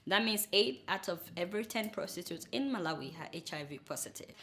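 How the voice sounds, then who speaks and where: A young Nigerian woman hosting a comic news show, talking to viewers in an animated, exclamatory way with chatty asides. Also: medium pitch, brisk. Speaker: satirical news show host.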